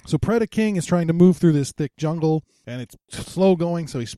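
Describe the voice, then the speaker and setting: Lively high-voiced man recapping a cartoon. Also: normal speed, clean tone, no echo, studio quality. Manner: playful, slips into silly voices. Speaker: podcast co-host. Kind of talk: casual chat recapping a cartoon episode.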